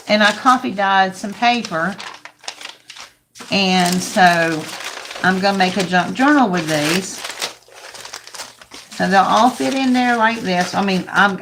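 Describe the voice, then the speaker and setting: An older woman, hoarse and raspy as she loses her voice, chatting casually to her viewers by name while she shows her craft projects on a livestream. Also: mid-range voice, a bit bright, a little hiss or hum.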